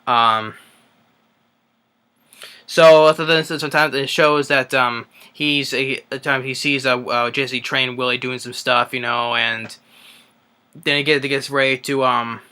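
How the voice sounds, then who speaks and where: A young man talks through a film's plot in a loose, rambling way, full of "um"s and false starts. His voice is bright and clear, and his pitch sits in the middle. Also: fairly even intonation, measured pace. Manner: rambling, many fillers and restarts. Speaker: movie reviewer. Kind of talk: casual spoken movie recap.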